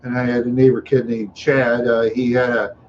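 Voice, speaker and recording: A man's voice: medium pitch, little pitch movement, moderate pace, slight background noise. A middle-aged man from Minneapolis on a live stream, telling rambling stories with chuckles and mouth sound effects. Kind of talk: rambling storytelling. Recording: dull lo-fi recording.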